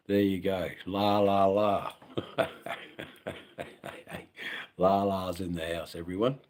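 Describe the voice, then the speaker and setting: A low-voiced Australian man rambles through a relaxed live stream from home. He chats with viewers about his riding, drifting along with plenty of ums and the occasional casual curse. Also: slow pace, long pauses. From Western Australia. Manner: rambling and laid-back, many ums, casual swearing. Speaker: motorcycle channel host on a live stream.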